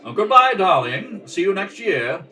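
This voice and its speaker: Man as a sardonic husband in a radio play, grumbling, bright animated voice, faint music behind. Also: medium pitch, normal speed, lightly acted. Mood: wry. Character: wisecracking husband, dry and reluctant. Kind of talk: amateur radio play rehearsal. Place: home kitchen table.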